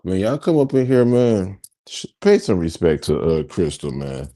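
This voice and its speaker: Man, reaction host, mock-grieving, dark voice, lively pitch. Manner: mock-mourning, drawn-out groans and repeated "man". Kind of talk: casual reaction chat.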